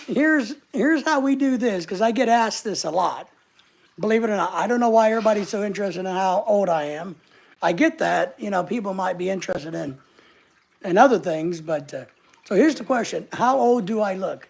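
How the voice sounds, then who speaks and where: Guy doing a live chat from his couch, joking, reading comments out, bit of gravel in the voice. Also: high-pitched, moderate pace. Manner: jokey, reads viewer comments aloud. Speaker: livestream host. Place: home living room couch.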